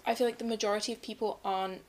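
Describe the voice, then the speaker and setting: A woman's voice: medium pitch, fairly even intonation, very fast. A young woman from England in a casual chat, talking in a chatty, thoughtful way with lots of fillers.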